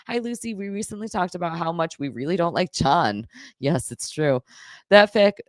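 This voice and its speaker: A woman's voice: low voice, no echo, clean studio sound. A woman hosting a live stream, reading viewer messages aloud and answering them in a blunt, profane, emotional way. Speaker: live stream host reading super chats. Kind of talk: casual live stream chat.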